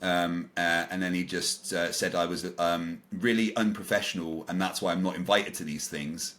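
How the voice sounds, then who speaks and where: A man's voice: low-pitched, steady tone, normal speed, a bit bright. A man, a podcast guest casually retelling a confrontation, acting out the dialogue with lots of ums and restarts. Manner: retells encounters with quoted dialogue, many fillers and restarts. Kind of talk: casual storytelling in an interview.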